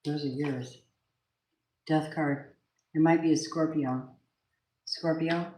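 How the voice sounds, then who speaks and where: A woman's voice: sits low, fairly even intonation, takes it slowly, darkish tone, echoey room, poor audio. A woman doing a live tarot reading, gushing over her viewers and swearing now and then. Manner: effusive, gushing address to viewers, occasional swearing. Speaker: tarot reader.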